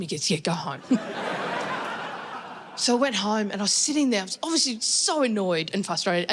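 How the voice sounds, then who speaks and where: A woman with an Australian accent telling a stand-up story in a chatty, wry way, acting out the people she quotes. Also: mid-range voice. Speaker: stand-up comedian. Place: comedy venue before a laughing audience.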